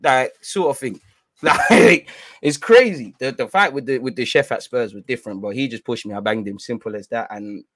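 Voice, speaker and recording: A man telling a rambling, slang-heavy anecdote in a casual, animated way with many restarts. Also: mid-range voice, normal speed. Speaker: storyteller.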